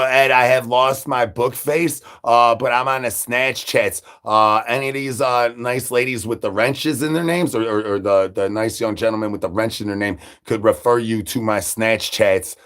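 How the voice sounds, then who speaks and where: A man live-streaming in a zombie persona, rambling through silly catchphrases with sudden jumps in pitch. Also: fairly bright tone. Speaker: livestreamer in zombie character. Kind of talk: absurd live-stream banter.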